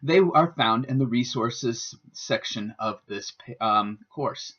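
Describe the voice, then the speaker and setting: A man giving a scripted instructional narration as a student presenter, with a careful, deliberate teaching delivery. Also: medium pitch, animated, a bit bright, husky. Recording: dull lo-fi voice-over.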